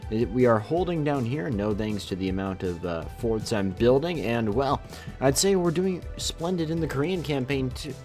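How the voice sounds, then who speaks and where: A man's voice: mid-range voice, animated, moderate pace, a little mellow, faint music behind. A man giving casual, sarcastic let's-play commentary while playing a strategy game. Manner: sarcastic, playful, exclaiming. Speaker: gaming YouTuber.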